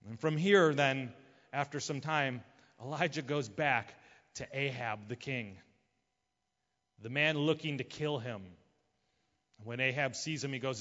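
A man preaching a sermon, retelling a Bible story in an animated way and acting out the characters' lines. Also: mid-range voice, normal speed. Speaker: pastor. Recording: muffled sound with long hall reverb.

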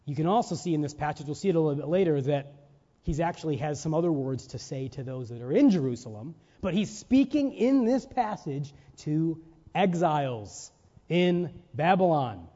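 Male preacher, high mellow voice, sermon with emphatic rhetorical questions, long church-hall reverb, dull lo-fi recording. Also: lively intonation, normal speed. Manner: rhetorical questions and checks with listeners; emphatic, stressing single words.

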